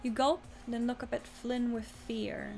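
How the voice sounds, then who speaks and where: A woman's voice: fairly high pitch, little pitch movement, unhurried, vocal fry, a little mellow. A young adult woman streaming, chatting casually and reading a story game aloud, swearing now and then and talking to her chat. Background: faint music.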